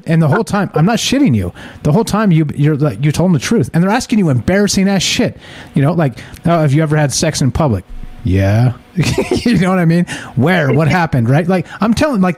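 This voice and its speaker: A man's voice: mid-range voice, dark tone. A man telling a story in casual talk-show chat, rambling and profane, full of restarts and fillers. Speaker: podcast co-host.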